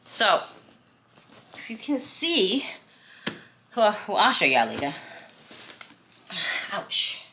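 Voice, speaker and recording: A woman's voice: medium pitch, sing-song, slow pace, pauses often, bright, forceful tone. A woman chatting to her camera while she assembles furniture at home, exasperated and talkative. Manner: talkative, exasperated, addresses viewers as y'all. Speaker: vlogger. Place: room at home. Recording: echoey room with faint noise.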